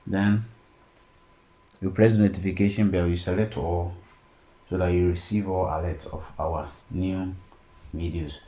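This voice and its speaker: A man teaching a design software tutorial step by step and often checking in with "okay?". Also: low voice, measured pace, long pauses. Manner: steady step-by-step explaining, frequent "okay?" check-ins. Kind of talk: screen-recorded tutorial narration. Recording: echoey room, faint background noise.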